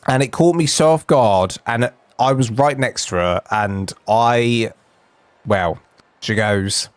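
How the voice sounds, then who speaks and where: While gaming at home on stream, a young man spins a humorous, self-deprecating story in a casual, talkative manner. His fairly low voice is clear and resonant, a little slow, captured in a dry recording with faint game music behind him.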